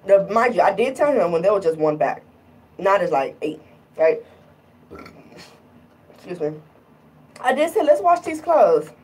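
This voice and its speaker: A woman's voice: fairly low pitch, sing-song, unhurried, long pauses, a little mellow, husky, far from the mic, rough recording. A woman talking casually in a vlog, irritated and rambling, often repeating herself. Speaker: vlogger.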